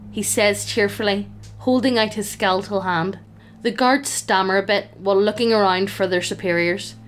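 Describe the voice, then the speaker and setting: A woman runs a tabletop game as game master, narrating the scene in a playful, amused way. Her voice sits at a middle pitch.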